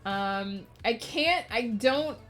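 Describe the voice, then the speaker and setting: A woman streamer chats unhurriedly as she works, her talk wandering from one thought to the next. She laughs often and lets her sentences trail off. Quiet music sits faintly behind her. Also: fairly high pitch, animated, drawn-out words. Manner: rambling, chatty, laughs often. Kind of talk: casual chat while writing on stream.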